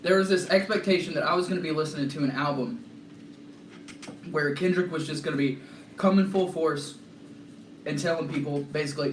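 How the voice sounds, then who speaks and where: A man co-hosting a casual podcast, excitable and swearing freely while eating hot chicken. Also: a little high, brisk, pauses often, a little hiss or hum. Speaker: podcast co-host. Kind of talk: casual chat. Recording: echoey room, mic at a distance.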